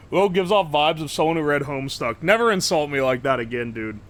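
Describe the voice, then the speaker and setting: A man's voice: on the high side, big pitch swings, normal speed. A man streaming live, reading his chat aloud and reacting in a joking, profane way. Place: home streaming setup.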